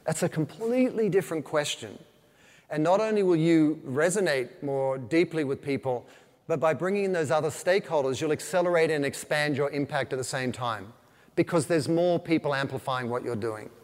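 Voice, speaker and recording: A veteran marketer gives an animated keynote, a man with a somewhat high-pitched voice telling stories and acting out quoted asides. His voice carries a long reverb from the hall around him. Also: normal speed. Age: older. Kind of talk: business talk to a live audience.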